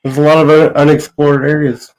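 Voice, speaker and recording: A man's voice: a little high, flat delivery, fairly quick, darkish tone, low-quality recording. A man who is a podcast guest, chatting casually and giving laid-back, brief replies.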